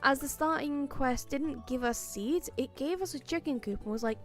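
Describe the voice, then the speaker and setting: Playing a farming game on a live stream, this woman from Wales chats with her viewers, talks playfully to in-game items, and giggles frequently. She speaks at normal speed in a high-pitched voice with few pauses, and faint music plays behind her.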